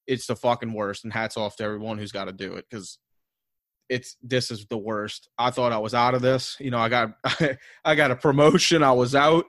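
A Southern-accented man chats on a podcast, swearing and wandering through stories with constant fillers. His voice sits at an ordinary middle pitch. The sound is dry and close. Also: fairly even intonation, normal speed, fairly bright tone, no room sound. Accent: American Southern. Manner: rambling, profane, filler-heavy storytelling with frequent laughs. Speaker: podcast host. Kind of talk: casual podcast chat.

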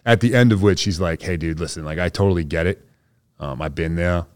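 A man's voice: deep voice, fairly quick, no echo, clean studio sound. A man, a soldier guest on a podcast, telling a story in a laid-back, slangy way and acting out what others said. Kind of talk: casual storytelling interview.

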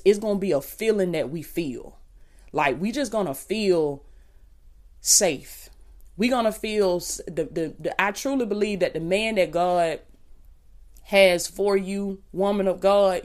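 A woman hosting a faith podcast from her bedroom, chatty and preachy, with a raspy just-woken-up voice. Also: low voice, a little mellow. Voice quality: raspy morning voice. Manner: chatty, preachy, addresses listeners as y'all. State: just woke up. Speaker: podcast host. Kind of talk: casual faith-based podcast talk. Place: bedroom, standing.

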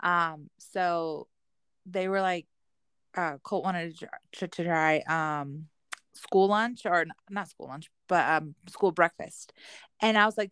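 A woman's voice: on the low side, slow pace, fairly bright tone, smooth, dry recording, studio quality. A woman in her thirties chatting casually as a podcast co-host, telling stories about her kids and acting out their lines. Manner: chatty storyteller, acts out her kids' voices. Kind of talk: casual chat.

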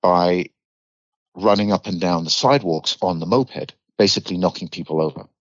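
This is a candid podcast interview in which a middle-aged man from the UK, with a British accent, tells a vivid story bluntly and curses freely. His voice is low-pitched and moderately paced, captured in a slightly dull, dry recording without room sound.

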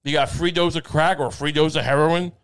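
A man's voice: fairly high pitch, fairly even intonation, fast, a bit bright, clear, resonant tone. A man co-hosting a podcast, chatting casually with rambling, profane jokes. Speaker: podcast co-host. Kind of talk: casual chat.

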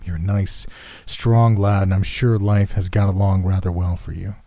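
A man's voice: sits low, little pitch movement, moderate pace, dark tone, no room sound. A man voicing a weary grown man, an outsider who talks bluntly and earnestly in a horror story reading. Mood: urging.

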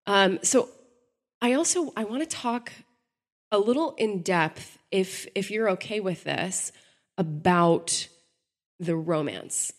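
A woman's voice: mid-range voice, lively intonation, slow pace. A woman hosting a podcast, talking through ideas in a thoughtful, analytical way with frequent restarts. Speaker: podcast host. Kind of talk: casual podcast discussion.

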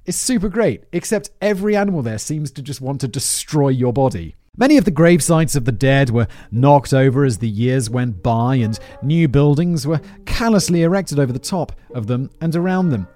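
A man's voice: a little high, dark tone, no echo, studio quality. A man with an English accent hosting a podcast, reading a script aloud and breaking off into rambling, self-deprecating asides. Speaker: podcast host.

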